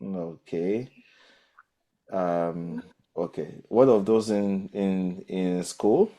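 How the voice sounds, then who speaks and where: A man hosting a podcast and interviewing children, often pausing and repeating his questions in new words. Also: sits low, fairly even intonation, warm tone. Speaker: podcast host.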